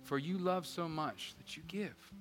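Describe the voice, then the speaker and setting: A man preaching a sermon as pastor, energetic and joking, swinging between loud emphasis and quiet asides. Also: on the high side, a little slow. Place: church sanctuary. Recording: church hall reverb with faint guitar.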